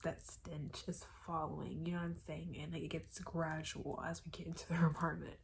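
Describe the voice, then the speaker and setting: A young woman telling a storytime tale casually, animated and dramatic, with plenty of swearing. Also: deep voice, a little fast, creaky, slight background noise. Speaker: vlogger.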